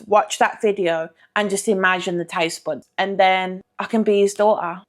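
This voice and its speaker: A woman's voice: medium pitch, moderate pace, hardly any pauses. A woman hosting reaction commentary, swearing, exasperated, and often laughing. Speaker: commentary host.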